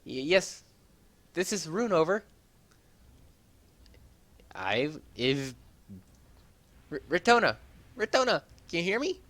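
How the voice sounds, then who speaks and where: A man doing a high stammering young hero. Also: sing-song, slow, long pauses, fairly bright tone, exaggerated voice. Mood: urgent.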